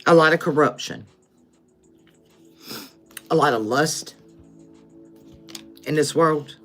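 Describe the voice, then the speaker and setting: Low-voiced woman reading tarot live. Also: slow, a bit bright, faint music behind. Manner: talks to viewers as collective, repeats okay. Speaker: tarot reader.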